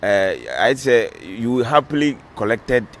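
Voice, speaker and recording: A Ghanaian man interviewing a guest, asking questions in a halting way and repeating his words. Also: mid-range voice, slight background noise.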